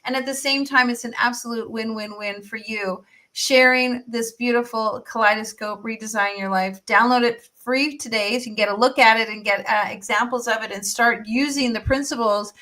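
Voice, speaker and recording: Woman host, effusive and upbeat; voice bright and a touch high. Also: fairly even intonation, normal speed, few pauses, rough recording. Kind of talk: enthusiastic promotional interview talk.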